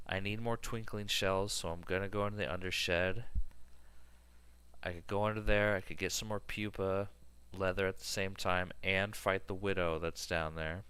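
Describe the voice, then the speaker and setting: Streamer, 30s, male: low voice, dry close mic, loose rambling chat with lots of fillers. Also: steady tone, moderate pace, a bit bright, clear, resonant tone, no echo. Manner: rambling, filler-heavy storytelling. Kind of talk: casual gaming stream chat.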